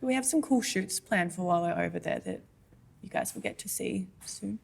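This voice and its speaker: A woman with an Australian accent chats as a podcast co-host, her voice a little husky. She talks in a bubbly, rambling way, easily excited. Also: fairly low pitch, fairly quick. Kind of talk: casual chat.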